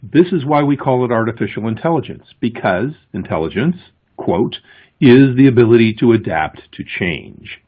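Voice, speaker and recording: A man giving a conference presentation, explaining with emphasis and pausing before key words. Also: medium pitch, animated. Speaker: conference speaker. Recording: thin, phone-like lo-fi audio.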